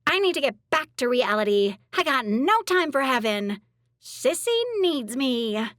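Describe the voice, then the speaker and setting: A woman's voice: high voice, expressive, unhurried, a bit bright, dry recording, studio quality. Woman voicing Abby, a swearing wounded twin. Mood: defiant. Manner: crude, swearing, defiant. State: wounded, weak. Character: foul-mouthed wounded young woman, a feisty twin. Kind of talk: audiobook drama acting.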